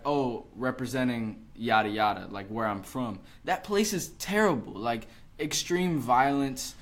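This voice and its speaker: A man from the United States hosting a relaxed podcast chat. He is playful and jokey, and he muses aloud at an ordinary middle pitch. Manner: playful, joking, thinks aloud. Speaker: podcast host. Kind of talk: casual conversation.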